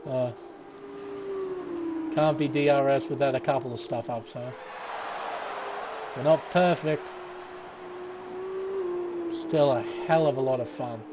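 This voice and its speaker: A man giving casual commentary on a sim-racing league race, excitable and sleepy, swearing and laughing. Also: medium pitch, unhurried, pauses often. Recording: race car engine noise behind. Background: racing game car sounds.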